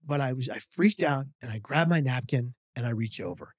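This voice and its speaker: A man's voice: mid-range voice, brisk, slightly rough, dry recording, clean studio sound. A man, a podcast guest telling a funny story with acted-out quotes. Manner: animated storyteller, acting out quotes.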